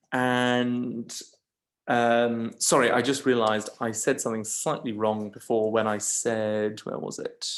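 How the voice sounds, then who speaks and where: A man teaching a lesson, slowly and patiently talking through each syllable. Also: medium pitch. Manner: slow, patient, stresses syllables one by one. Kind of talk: lecture on scanning Greek verse.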